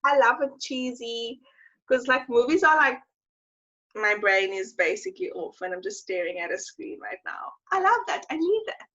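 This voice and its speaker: A young woman co-hosting a podcast, chatting casually and gushing with animated enthusiasm. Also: a little high. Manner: gushing, animated, quick to laugh. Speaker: podcast co-host. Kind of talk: casual chat. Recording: dull lo-fi sound.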